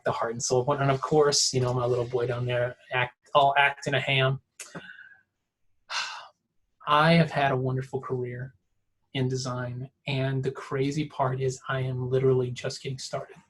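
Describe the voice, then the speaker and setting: A man, giving a heartfelt personal talk over a video call, emotional and repetitive, swinging from hushed to excited. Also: medium pitch, husky. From Atlanta area, US.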